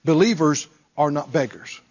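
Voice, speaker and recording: A man's voice: on the high side, animated, normal speed, a little mellow, highs cut off. A male preacher delivering a dramatic sermon, acting out pleading prayers and firing off rhetorical questions in folksy phrasing.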